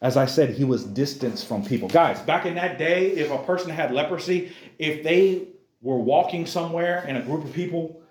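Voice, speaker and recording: A man's voice: fairly high pitch, animated, moderate pace, darkish tone, roomy sound. A man teaching a Bible lesson to a youth class, emphatic and addressing his listeners directly.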